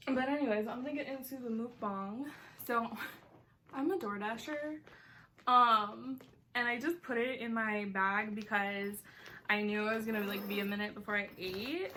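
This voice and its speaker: A woman in her twenties chats through a casual mukbang vlog, eating as she talks. Her voice sits a touch high, and she rambles freely with lots of "like" and giggly asides, close to the camera mic. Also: fairly even intonation, normal speed, sharp tone. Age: 20s. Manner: chatty, says "like" a lot, giggly asides. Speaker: vlogger.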